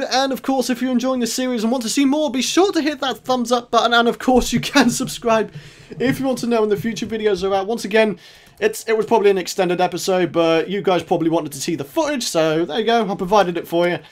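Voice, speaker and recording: A young man commentating his own gameplay, excitable, laughing often and shouting when in trouble. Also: very high voice, fast talker. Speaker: gaming channel host. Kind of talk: let's play commentary.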